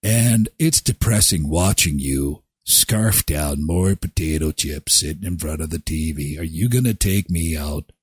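A man voicing his pet dog, who begs in a low, grumbling voice to be taken for a walk. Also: unhurried, hardly any pauses, slightly rough, no room sound, clean studio sound, exaggerated voice. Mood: pleading.

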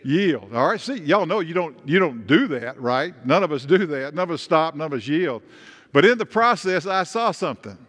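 Male pastor, fairly high voice, chatty sermon, church hall reverb. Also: animated, normal speed, a bit bright. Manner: conversational, asks the congregation questions. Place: church sanctuary.

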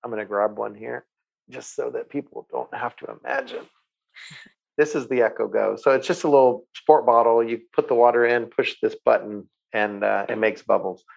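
Animated man telling a story. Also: medium pitch, normal speed, creaky, muffled recording. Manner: animated storyteller who acts out quoted voices. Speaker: guest, water company owner. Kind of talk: casual chat, anecdote telling.

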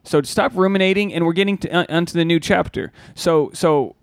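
A man co-hosting a relaxed podcast, with a voice a bit higher than most men. He rambles through his stories and swears freely. The sound is close and dry, with no room echo. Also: a little fast, clear, resonant tone. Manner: rambling, profane storytelling. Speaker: podcast co-host. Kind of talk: casual podcast chat.

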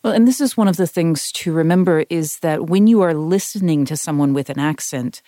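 A woman's voice: sits low, brisk, dark tone, no room sound, clean studio sound. A woman from the US South, co-hosting a podcast and explaining writing craft thoughtfully, with frequent restarts. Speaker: podcast co-host, writing teacher. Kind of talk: casual discussion.

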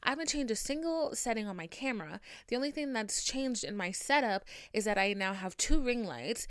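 A young woman hosting her own podcast, venting in a dramatic, profane, animated storytelling manner from her home setup. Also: mid-range voice, no echo, clean studio sound. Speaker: podcast host. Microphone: podcast microphone.

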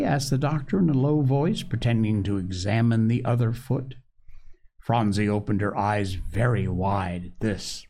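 A man narrating a children's story aloud, reading slowly and expressively. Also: medium pitch, a little mellow. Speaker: audiobook narrator.

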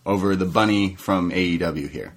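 A man co-hosting a casual wrestling recap podcast, animated and laughing often as he recounts the show. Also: low voice, moderate pace. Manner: animated, laughs often, quotes wrestlers in raised mock voices. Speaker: podcast co-host.

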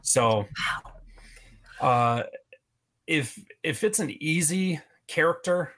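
A man's voice: fairly high pitch, expressive, slow pace, fairly bright tone. A man as a podcast guest, giving long rambling answers full of fillers. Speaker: podcast guest, toy video creator. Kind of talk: casual interview chat.

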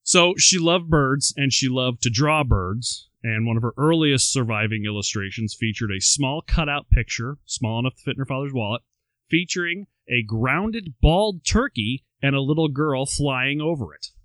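A man's voice: medium pitch, expressive, normal speed, a bit bright, no room sound. Man telling a story with dry asides. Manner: reads quotes aloud with wry asides. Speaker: podcast co-host. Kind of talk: storytelling chat.

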